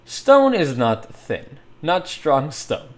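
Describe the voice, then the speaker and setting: A man with a slightly high voice and wildly swooping pitch talks slowly while working in 3D modeling software on a livestream. He chats casually, rambles, thinks aloud and laughs a lot.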